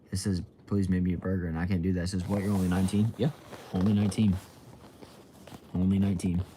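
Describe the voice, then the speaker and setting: A man's voice: low-pitched, mellow, a little hiss or hum. A young man at home, casually reading out livestream comments in a laid-back, drawling way, saying bro and y'all. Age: young adult. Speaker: livestream host. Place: at home indoors. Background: faint TV sound from another room.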